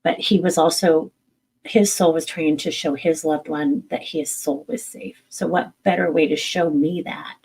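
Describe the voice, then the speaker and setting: A middle-aged woman, a medium, chats through viewer questions in a frank, unpolished way, cursing casually and poking fun at herself. Her voice sits a little low, with a gravelly edge and a husky texture. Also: fairly even intonation, unhurried, a little mellow, low-quality recording. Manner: candid, blunt, swears casually, laughs at herself. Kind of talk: casual live-stream Q&A.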